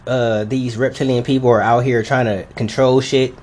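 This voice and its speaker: A man's voice: medium pitch, level tone, normal speed, darkish tone. A man co-hosting a podcast in casual chat, joking and swearing with slangy phrasing. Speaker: podcast co-host.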